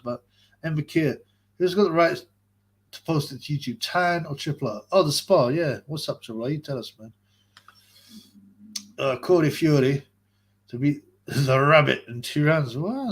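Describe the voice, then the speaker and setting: A young man hosting a live stream, reading out chat messages in a rambling, chatty way and laughing often. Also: on the high side. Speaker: livestream host reading chat.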